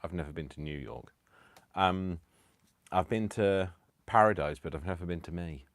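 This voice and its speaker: A man's voice: sits low, expressive, moderate pace, dry recording. A man hosting a craft live stream from home, chatting casually with self-mocking, rambling asides. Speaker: craft channel host. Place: home, indoors.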